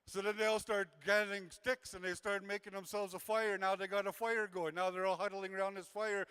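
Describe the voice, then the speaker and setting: A man's voice: sits high, level tone, fairly quick, bright, forceful tone, clear, resonant tone. Earnest man giving a community talk. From Canada. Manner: earnest, repetitive, acts out quoted voices. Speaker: youth worker and speaker. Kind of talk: motivational talk to a gathering.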